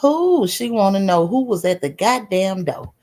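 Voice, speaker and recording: A woman livestreams a casual story straight to her chat. Her voice sits in the middle of a woman's range and stays lively. She swears freely, laughs as she talks and keeps asking her viewers to answer her. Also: medium pitch, normal speed. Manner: laughs while talking. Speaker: live streamer.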